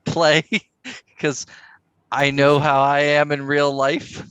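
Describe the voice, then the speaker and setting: Brief: casual male player, slightly raised pitch, dry close sound. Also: flat delivery, slow pace, a bit bright, clean tone, no room sound, dull audio. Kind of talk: tabletop role-play.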